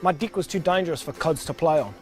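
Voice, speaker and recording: A man with a New Zealand accent playing a straight-faced pitchman in a commercial. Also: fast, soft background music, lightly acted. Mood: deadpan earnest. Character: earnest male deck-sealant pitchman.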